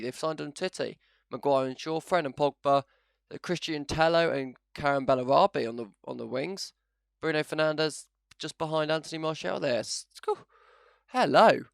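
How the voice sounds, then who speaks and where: A man with a gravelly, fry-touched voice talks through his video game as a channel host, chatty and self-mocking, then bursting into loud excitement. His sound is close and dry with no room around it. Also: on the high side, no room sound. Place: home setup, no camera.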